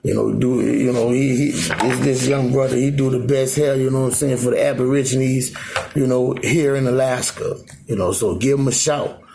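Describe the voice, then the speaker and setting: A man's voice: mid-range voice, steady tone, moderate pace, gravelly, background noise. A man talking loosely to his phone camera at home in Alaska, rambling and repeating "you know what I'm saying". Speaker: vlogger. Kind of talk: rambling casual monologue.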